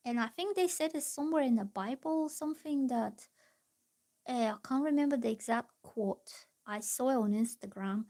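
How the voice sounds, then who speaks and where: Woman reading tarot on a live stream; somewhat high pitch, easygoing, reassuring, lots of fillers. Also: moderate pace, mellow. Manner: chatty, reassuring, rambling with fillers. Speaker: tarot reader.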